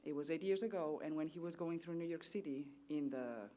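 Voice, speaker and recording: A woman with a Spanish accent speaks in a notably low voice, delivering formal prepared remarks at a seminar. Her tone is earnest and steady as she works through economic figures one after another. Spanish is her first language. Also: a little fast, a little hiss or hum. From Spain. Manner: formal and earnest, reciting statistics. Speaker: trade official on a panel. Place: seminar venue.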